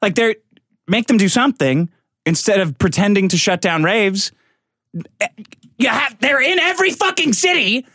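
A man's voice: high-pitched, normal speed, dry recording. A man in his forties hosting a casual podcast chat, sardonic and swearing as he tells stories. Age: 40s. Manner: sardonic, swears often, animated storytelling.

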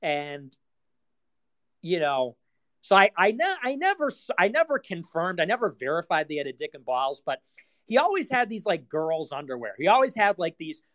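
A man's voice: fairly high pitch, very animated, normal speed, fairly bright tone. A young man hosting a livestream, talking in a rambling, filler-heavy way with laughing asides. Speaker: livestream host. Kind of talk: rambling casual chat.

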